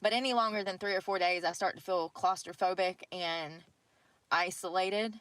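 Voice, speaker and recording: A woman's voice: lowish voice, fairly even intonation, normal speed, fairly bright tone, no room sound. A breathless woman, rambling and cursing freely as she vlogs live outdoors in the snow by a river on a handheld phone. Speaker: vlogger. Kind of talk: casual livestream chat.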